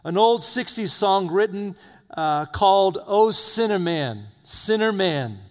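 Male preacher, sermon, slow deliberate delivery, loud urgent peaks, hushed low warnings, echoing church hall. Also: lively intonation. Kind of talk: evening sermon. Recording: long reverb of a hall.

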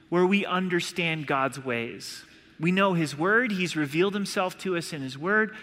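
A man's voice: sits high, pushed and bright, long reverb tail. A male pastor preaching an earnest sermon, now and then acting out voices to illustrate his points.

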